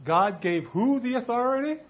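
A man's voice: very high-pitched, expressive, normal speed. A man preaching a sermon to a live congregation in a church, talking casually and quizzing the listeners with questions.

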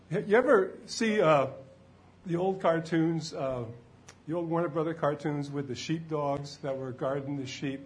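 High-voiced man preaching a sermon. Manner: loud exuberant praise shouts, then conversational preaching. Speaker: pastor. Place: church.

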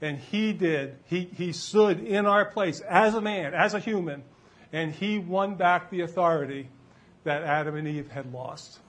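A man's voice: high voice, a little slow, a bit bright. A man preaching a sermon to a live congregation in a church, talking casually and quizzing the listeners with questions.

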